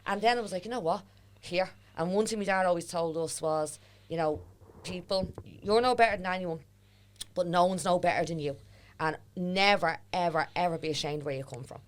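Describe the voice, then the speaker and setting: Woman, Dublin accent, fairly low voice, animated storyteller, casual podcast guest. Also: fairly quick. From Ireland. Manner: chatty storyteller, animated retelling with quoted voices. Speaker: guest, historian and author.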